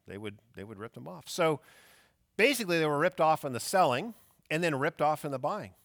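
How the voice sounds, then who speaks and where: A man's voice: fairly high pitch, big pitch swings, brisk, fairly bright tone, no room sound, studio quality. A man preaching a sermon as pastor, emphatic and fond of rhetorical questions.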